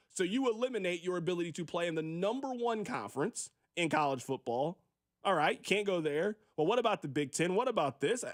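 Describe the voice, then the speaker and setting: A man with a fairly high voice holds forth on a sports radio show, recorded on a studio microphone. He talks in an emphatic, preachy way, repeating his points, and now and then acts out a quick voice to make them. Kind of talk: opinionated sports radio monologue.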